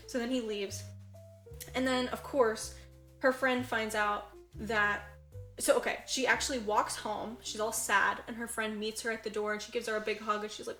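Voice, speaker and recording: A woman's voice: on the high side, normal speed, reverberant, faint music behind. A woman co-hosting a podcast, animatedly retelling a film plot in casual chat and acting out the characters' lines. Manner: animated storyteller, acts out quotes, says "like" a lot. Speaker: podcast co-host. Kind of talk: casual chat recapping a movie.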